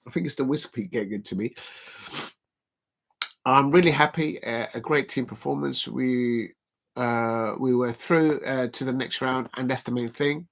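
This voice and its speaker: Tired, gravelly-voiced man streaming football talk. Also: mid-range voice, moderate pace. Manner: rambling, full of "uh" fillers, reads quotes aloud. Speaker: football watch-along host. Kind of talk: casual live-stream commentary.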